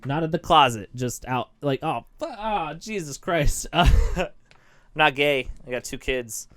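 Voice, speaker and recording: A man's voice: on the high side, expressive, a little slow, a bit bright. A young man hosting a podcast, talking in a casual, rambling rant with lots of fillers and self-mocking asides. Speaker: podcast host. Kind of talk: casual ranting monologue.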